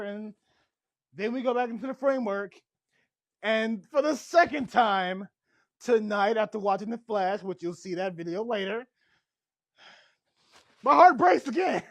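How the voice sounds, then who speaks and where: A high-pitched man runs through a TV episode recap in a loose, rambling way, working himself up as he goes. He sounds short on sleep. The mic is close and dry, with no room sound. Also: creaky, no room sound. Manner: rambling, excitable, laughing and shouting as he recaps. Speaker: TV show reviewer. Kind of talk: casual spoiler recap.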